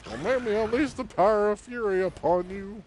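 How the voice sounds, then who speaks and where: A man streaming a console game with casual, excitable commentary, often giggling and talking to the creatures on screen. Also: sits high, normal speed, a little hiss or hum.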